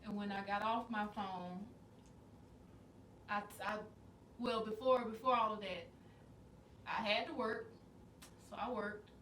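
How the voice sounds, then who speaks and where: A woman co-hosting a casual podcast, telling stories in a relaxed, rambling way. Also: medium pitch, measured pace, pauses often. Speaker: podcast co-host. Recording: roomy, distant mic with faint noise.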